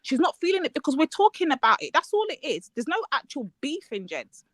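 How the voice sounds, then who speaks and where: A woman, arguing her point insistently and fast on a live online panel, often talking over the others. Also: high-pitched, big pitch swings, a bit bright, no room sound. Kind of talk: heated live panel debate.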